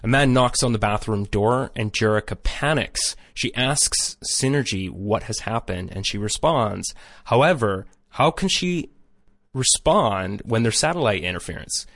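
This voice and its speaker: A man's voice: fairly low pitch, lively intonation, a little slow, a bit bright, no echo, studio quality. A man co-hosting a podcast, recapping a cartoon episode with wry joking asides. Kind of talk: casual recap narration.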